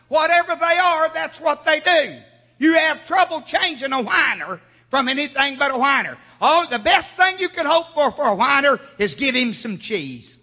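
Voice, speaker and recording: A man preaching a sermon, calling on the congregation to answer him and rising to shouts. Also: very high-pitched, big pitch swings, moderate pace, long reverb tail. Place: church sanctuary.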